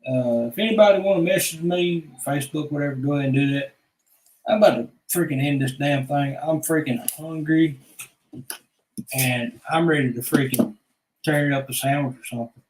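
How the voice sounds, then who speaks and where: A man's voice: on the high side, moderate pace, a little mellow, reverberant, slight background noise, poor audio. A man vlogging in a casual, rambling monologue, crude and swearing often.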